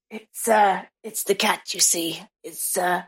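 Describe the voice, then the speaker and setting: A woman speaks in character during a tabletop game, slow and unhurried. Her voice is husky and breathy. She hesitates and falters between her words. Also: medium pitch, fairly even intonation. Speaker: player.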